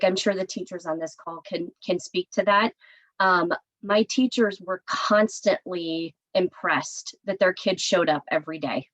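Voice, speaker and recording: A woman district administrator speaking earnestly on a video-call panel, with many pauses and fillers. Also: fairly low pitch, fairly bright tone, dull audio. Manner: earnest, many "um"s, gets emotional.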